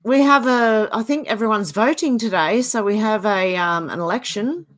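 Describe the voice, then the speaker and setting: A woman hosting a live call-in show, friendly and agreeable, quick to laugh. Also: medium pitch, a bit bright. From Australia. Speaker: host. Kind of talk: casual call-in chat.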